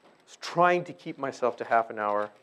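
Animated male pastor preaching. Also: mid-range voice, normal speed, clear, resonant tone. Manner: animated, swings from loud emphasis to hushed tones. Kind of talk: sermon.

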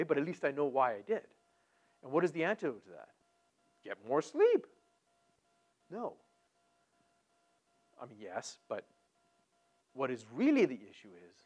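A man preaching a sermon, talking with great animation, swinging from hushed tones to loud and repeating words as he builds a point. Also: a little high. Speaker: pastor.

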